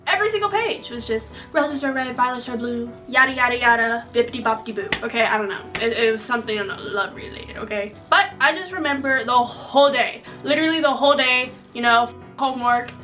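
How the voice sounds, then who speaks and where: A woman's voice: fairly high pitch, bright, forceful tone, far from the mic, poor audio. A young woman vlogger telling a story from her childhood in a chatty, joking way, often tagging lines with "okay?". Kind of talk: casual storytelling to viewers.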